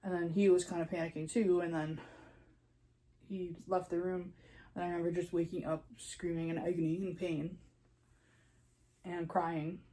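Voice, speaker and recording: A woman's voice: fairly low pitch, flat delivery, normal speed, pauses often, dark tone, rough recording. A young woman casually telling her birth story in a chatty way, full of "like", acting out her own panicked words.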